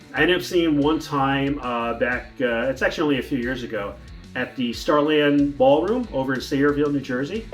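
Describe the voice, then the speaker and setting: Male vlogger, casual rambling storyteller, mid-pitched, faint guitar music underneath. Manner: rambling, with restarts and fillers.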